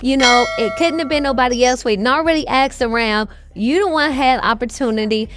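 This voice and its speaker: A man's voice: very high-pitched, a little fast, a bit bright, pitched above the performer's own voice. A man doing a stern, accusing old grandmother. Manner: accusing, matter-of-fact. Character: stern older grandmother confronting her grandchild.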